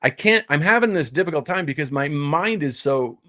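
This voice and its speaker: Animated older man telling a story. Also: fairly high pitch, moderate pace. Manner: animated storyteller, many repeated "and, and" restarts, acts out his own inner voice. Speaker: guest, former tour golfer. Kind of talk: storytelling in casual conversation.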